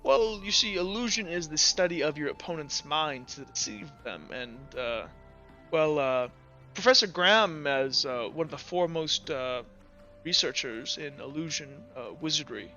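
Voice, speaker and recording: A man playing a slow, tired old gardener. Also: on the high side, lively intonation, pushed and bright. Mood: explaining. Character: weary old male gardener, slow and plain. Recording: dull lo-fi audio with faint music.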